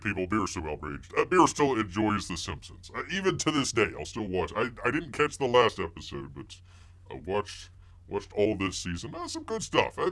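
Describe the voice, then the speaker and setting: A man's voice: medium pitch, sharp tone. Rambling man calling himself Bear. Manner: refers to himself in the third person as Bear, mock-outraged, rambling. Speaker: host of a live-streamed commentary show. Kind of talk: rambling live-stream commentary reading chat.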